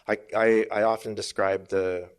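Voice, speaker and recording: A man's voice: lowish voice, flat delivery, normal speed, clean tone. A middle-aged man from Canada, a business coach talking emphatically as a guest in a podcast studio interview. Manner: emphatic, uses sparring metaphors, asks "make sense?".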